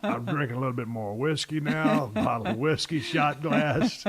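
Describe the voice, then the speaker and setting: A man's voice: a little high, moderate pace. A man in his fifties hosting a casual podcast chat, telling long stories full of profanity. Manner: profane, rambling storyteller. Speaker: podcast host.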